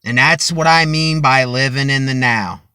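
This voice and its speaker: A man vlogging a motivational monologue into a cheap phone from inside his car, speaking deliberately and loudly as if to a crowd. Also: medium pitch, clean tone, no echo. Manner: slow and deliberate, projecting as if to a crowd.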